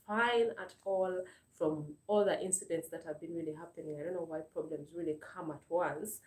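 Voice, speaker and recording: Mellow-voiced Ugandan woman hosting a live stream. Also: on the low side, far from the mic. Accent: Ugandan English. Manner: earnest, grateful, repeats words and uses many fillers. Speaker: channel host. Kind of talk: casual live-stream chat. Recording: roomy sound, voice a bit off-mic.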